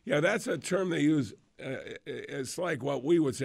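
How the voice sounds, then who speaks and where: A man's voice: on the high side, normal speed, creaky, slightly rough, no room sound. A man hosting a call-in talk radio show, chatty and joking, laughing easily.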